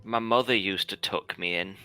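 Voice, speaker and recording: Drunk rowdy adventurer, rambling and slurred, played by a man. Bright, clear voice. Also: low voice, moderate pace, soft background music.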